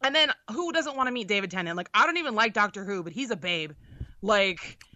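A young woman co-hosting a podcast, telling an animated, profane story in casual chat. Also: medium pitch, a little fast. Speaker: podcast co-host. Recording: dull lo-fi sound.

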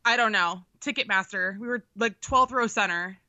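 A young woman co-hosting a podcast, telling an animated, profane story in casual chat. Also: medium pitch, normal speed, a little hiss or hum. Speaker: podcast co-host. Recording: dull lo-fi sound.

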